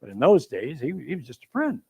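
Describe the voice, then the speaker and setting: A man's voice: on the high side, huge pitch swings, fast, warm tone, breathy edge, no echo, full character voice. An actor playing an older Civil War general who recounts his youth in a wry, folksy, self-deprecating stage monologue. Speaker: performer of a one-man historical show.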